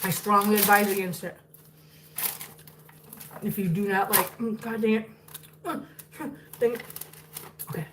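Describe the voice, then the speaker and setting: A woman's voice: medium pitch, steady tone, a little slow, pauses often. Chatty woman in an echoey kitchen. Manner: chatty, laughs often, coos baby talk at her cats. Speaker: live-stream host. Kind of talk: casual live-stream cooking chat. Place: home kitchen. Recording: echoey room, mic at a distance, faint noise.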